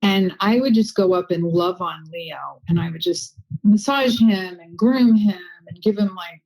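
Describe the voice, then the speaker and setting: A woman guest on a podcast, telling a personal story in a chatty, animated way with lots of asides. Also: lowish voice, a little slow, rough recording. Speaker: guest medium and intuitive healer. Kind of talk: casual interview storytelling.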